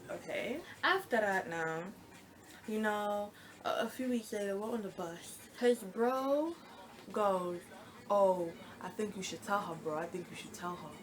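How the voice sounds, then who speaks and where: A woman's voice: medium pitch, background noise. Young woman telling a storytime. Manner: animated retelling, acts out quoted lines. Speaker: storytime vlogger. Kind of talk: casual storytime.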